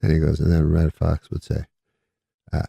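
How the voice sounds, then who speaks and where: A man's voice: very deep voice, monotone, a little fast, gravelly, dark tone, slightly rough, no echo, lo-fi sound. A man casually telling a meandering comic story with a dry manner, slipping into other people's voices and chuckling along the way. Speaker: comedian telling stories on a talk show.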